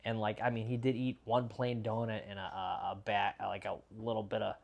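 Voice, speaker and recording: Man, thirties, Boston accent, gravelly, profane storyteller, casual podcast guest. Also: on the low side, flat delivery, fairly quick. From Boston area, Massachusetts. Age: 30s. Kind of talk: casual chat.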